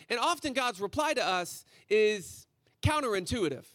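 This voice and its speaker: High-voiced man preaching casually. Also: moderate pace, no echo, clean studio sound. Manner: casual, energetic, slangy storytelling. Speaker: guest preacher. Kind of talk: conversational sermon.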